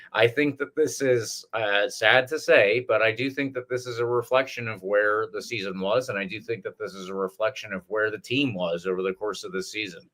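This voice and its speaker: A man's voice: on the low side, fairly bright tone. A man from Scotland co-hosting a sports podcast, talking in a thoughtful, hesitant way with many restarts. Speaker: podcast co-host. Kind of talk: casual podcast chat.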